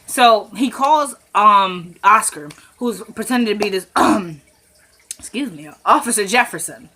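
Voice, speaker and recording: Bright-voiced woman recapping a TV episode. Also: medium pitch. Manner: chatty, retells scenes in quick paraphrased dialogue; addresses viewers as "y'all", rising into animated commentary. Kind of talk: casual recap vlog.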